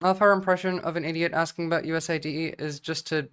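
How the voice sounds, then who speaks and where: A woman's voice: sits low, fairly even intonation, fairly bright tone, clear, resonant tone. Blunt New woman streamer. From New Jersey. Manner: blunt, profane, talks fast in bursts with restarts. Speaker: livestream political commentator. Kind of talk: casual livestream commentary.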